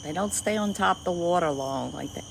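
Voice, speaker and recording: A woman with a Cajun accent and a squeaky voice, chatting casually with viewers on a livestream from an outdoor dock at night. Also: brisk, gravelly, noisy background. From Louisiana. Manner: chatty, greets viewers by name, easily delighted. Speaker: livestream host. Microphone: phone livestream.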